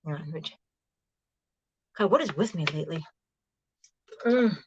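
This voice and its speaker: A middle-aged woman chatting casually on a live stream, bubbly and warm with viewers, often laughing and greeting them by name. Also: low-pitched, animated, normal speed, dull audio, very noisy. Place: small room in her truck.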